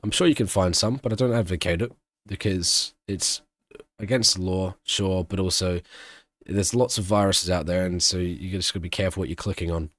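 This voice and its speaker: A man's voice: low-pitched, fairly quick, no room sound. A man streaming a live race watch-along, giving casual commentary and answering questions from his chat. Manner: chatty, answers chat questions, breaks into excited shouting at big moments.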